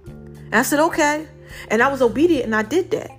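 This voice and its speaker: A woman's voice: high-pitched, brisk, soft background music. A woman giving an impassioned faith testimony to her viewers, speaking through a tight throat, emphatic and repeating herself for stress. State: tight, constricted throat, a little choked up.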